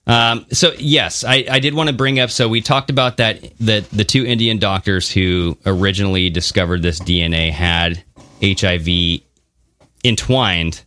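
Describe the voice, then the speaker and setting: A podcast co-host with a lowish, bright, forceful voice talks at a moderate pace with fairly even intonation. His casual, animated conversation includes occasional swearing and playful mockery of others in funny voices.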